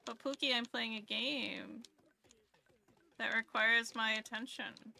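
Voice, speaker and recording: A woman live streamer chatting casually while gaming, cooing baby talk to her cat and cheering in excited bursts. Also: on the high side, takes it slowly, creaky, a little hiss or hum.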